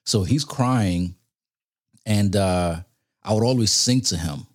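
Low-voiced man telling a story, slangy. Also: slow pace. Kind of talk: casual storytelling.

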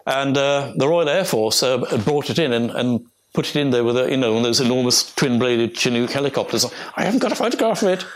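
A man's voice: medium pitch, brisk, hardly any pauses. An older English man, an archaeologist, giving a rambling, anecdotal illustrated talk to a live audience. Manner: rambling, anecdotal, with restarts and chuckles.

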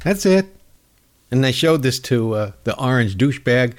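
A man's voice: mid-range voice, animated, moderate pace. A man hosting a talk show, delivering a sarcastic, angry monologue. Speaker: radio show host.

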